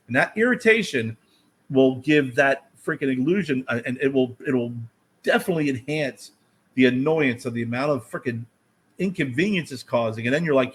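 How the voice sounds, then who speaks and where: Husky-voiced guy ranting about bad service, acts out everyone, swears a lot. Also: medium pitch, brisk. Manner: animated storytelling, acts out quoted people, swears. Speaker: podcast co-host. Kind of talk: casual chat.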